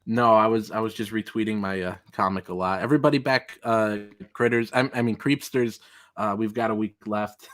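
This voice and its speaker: A man hosting a casual podcast stream, relaxed and rambling, laughing at his own stories. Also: fairly low pitch, brisk. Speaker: podcast host. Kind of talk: casual chat.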